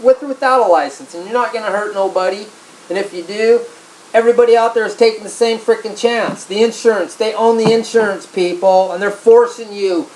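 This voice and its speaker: A man's voice: sits high, darkish tone, poor audio. A man ranting angrily and profanely to camera, repeating himself as he urges people on. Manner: angry, profane, repetitive. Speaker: video blogger. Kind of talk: profane political rant to camera.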